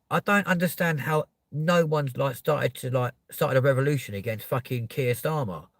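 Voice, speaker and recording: A man from Kent, ranting on a live stream and answering chat, swearing and often rising to shouting. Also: mid-range voice, no room sound. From Kent, England. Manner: profane, heated, swings into shouting. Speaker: livestreamer.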